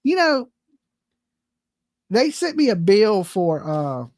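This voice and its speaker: A woman's voice: medium pitch, sing-song, slow, a little mellow, dry recording. Profane, exasperated woman ranting casually. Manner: profane, exasperated, rambling with restarts. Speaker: livestream host. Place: home.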